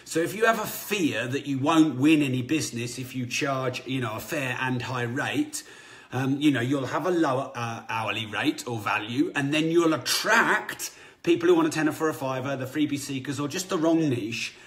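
A man's voice: medium pitch, moderate pace. A man hosting a motivational business podcast, talking energetically and casually correcting himself. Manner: energetic, conversational, self-correcting. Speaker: podcast host.

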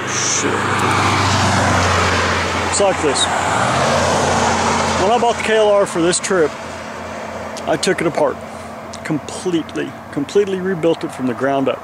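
A man films himself on a handheld camera from a roadside guardrail in the rain, weary, venting and rambling about his trip. His voice sits fairly high. Faint traffic passes in the background. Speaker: motorcycle traveler. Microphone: handheld camera held close.

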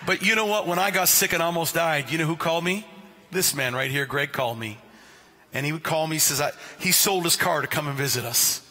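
Preaching briskly in a fairly high voice, a male pastor tells stories and jokes during his sermon and calls out listeners by name in an animated way. The recording carries the long reverb of a church sanctuary.

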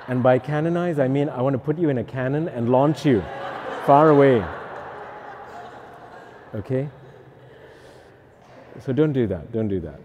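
A male priest addresses pilgrims with a joking, teasing delivery. His voice is mellow and warm, heard with a long reverb from a large hall. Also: medium pitch, unhurried, pauses often, lo-fi sound, slight background noise. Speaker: Catholic priest, pilgrim chaplain. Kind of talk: humorous talk to pilgrims.

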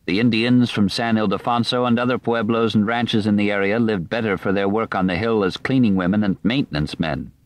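In a dry, close studio recording with no room sound and no echo, a man narrates a nonfiction audiobook. His voice sits low, and his reading stays measured and even.

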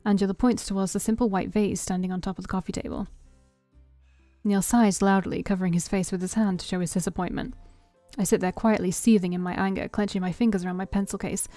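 A woman streamer reading a story game aloud in expressive first-person narration. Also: mid-range voice, fast talker, no room sound, faint music behind. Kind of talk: reading a visual novel aloud.

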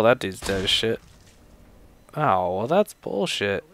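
A man's voice: medium pitch, unhurried, bright, forceful tone, a little hiss or hum. Rambling, laughing man commenting on a game. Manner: rambling, laughing, swears often. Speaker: let's play host. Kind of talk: casual gameplay commentary.

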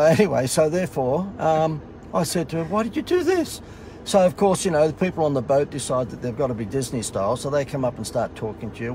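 A man's voice: fairly high pitch, a little mellow, a little hiss or hum. A middle-aged Australian man casually telling a funny story in a sarcastic, self-mocking way. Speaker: host.

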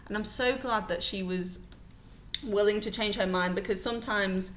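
British woman, podcast co-host, animated storyteller, everyday mid voice, light noise floor. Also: medium pitch, normal speed. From Britain. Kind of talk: casual chat.

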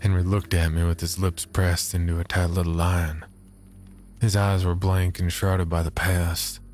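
A man narrating a horror story in a measured, subdued way. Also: low-pitched, little pitch movement, a little mellow.

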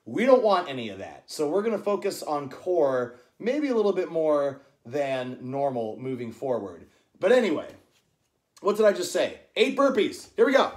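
A man's voice: on the high side, sing-song, normal speed, a little mellow. Chatty man coaching a home workout. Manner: chatty, coaching, counts reps aloud. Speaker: streamer leading a home workout. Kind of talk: live-streamed workout coaching. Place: indoors at home. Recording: echoey room.

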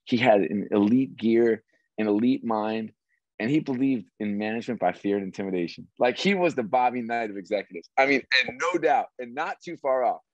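Middle-aged man, interview guest, animated storytelling, dry slightly dull audio. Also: mid-range voice, fairly quick, no echo. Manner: animated, with frequent restarts and "like". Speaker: interview guest, former sports executive.

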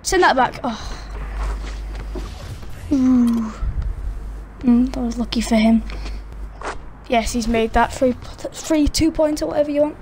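A woman giving excited, chatty commentary on her own basketball video game match, hosting her gaming channel from a room at home. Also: high-pitched, takes it slowly, pauses often, a little hiss or hum. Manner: excitable, chatty, cheers and groans at plays. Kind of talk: live gameplay commentary. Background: friends talking in the background.

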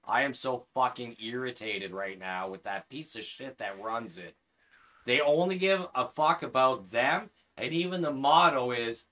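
A man's voice: medium pitch, normal speed, pushed and bright. A man hosting a gaming livestream, talking casually into a headset and ranting with heavy swearing. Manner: profane, heated ranting.

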